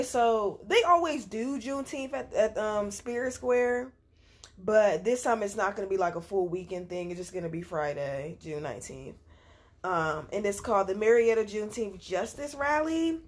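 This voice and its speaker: A woman co-hosts a laid-back podcast, chatting away with rambling sentences and frequent fillers. Her voice sits at a mid pitch. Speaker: podcast co-host. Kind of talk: casual podcast chat.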